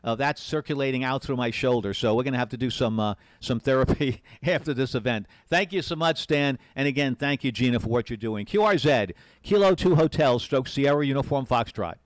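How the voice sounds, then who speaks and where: A man at a desk mic hosts a live-streamed amateur radio event. His voice is smooth and resonant at a middle pitch. He talks earnestly and rambles, doubling back over his words, and the sound is dry and close. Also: a little fast, hardly any pauses, dry recording. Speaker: amateur radio special event station host. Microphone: desk mic with push to talk.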